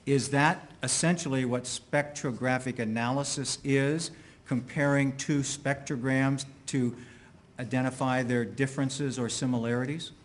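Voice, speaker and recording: A man working as an attorney, questioning an expert witness in court with careful, deliberate phrasing and occasional restarts. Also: mid-range voice, fairly even intonation.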